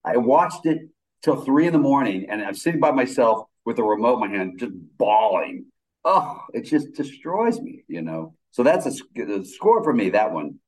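A man's voice: mid-range voice, moderate pace, poor audio. An older man, a film director, chatting casually in an interview and telling stories with enthusiasm. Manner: animated, enthusiastic storyteller.

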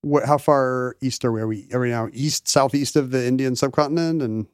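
A man's voice: mid-range voice, a little fast, clear, resonant tone, no room sound, clean studio sound. A man in a casual chat, explaining at length with asides and restarts.

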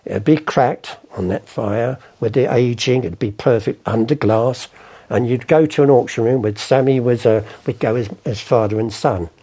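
A man's voice: mid-range voice, normal speed, warm tone. An older man, telling rambling stories in an interview and acting out the voices of people in them. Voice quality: gravelly. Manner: rambling, acts out voices in anecdotes. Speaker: interviewee, former art forger. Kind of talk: storytelling interview.

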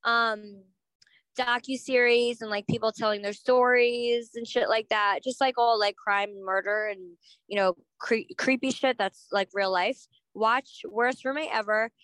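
A woman's voice: fairly high pitch, steady tone, a little slow, a bit bright, clear, resonant tone, dry recording, low-quality recording. A woman co-hosting a casual gossip podcast, blunt and opinionated, swearing casually. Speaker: podcast co-host.

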